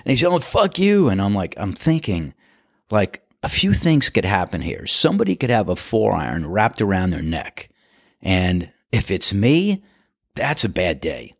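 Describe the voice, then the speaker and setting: A man casually telling a golf anecdote, animated and laughing as he acts out the other players' lines. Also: low-pitched, normal speed, no echo, clean studio sound.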